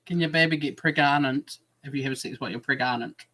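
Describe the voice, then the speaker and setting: A panelist on a comedy livestream, tossing out quick puns and wisecracks between laughs. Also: mid-range voice, fairly bright tone, poor audio. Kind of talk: joking panel chat.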